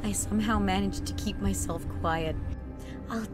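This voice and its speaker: A woman streaming a horror game, excitable and jumpy, yelping, shouting and laughing. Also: mid-range voice, normal speed, loud music behind the voice. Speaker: VTuber streamer.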